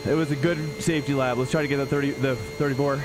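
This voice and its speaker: Over a noisy background and faint music, a fast-talking man with a medium-pitched voice chats casually with viewers while driving on a sim racing stream. He gets excitable, and he often backtracks to restart and correct himself.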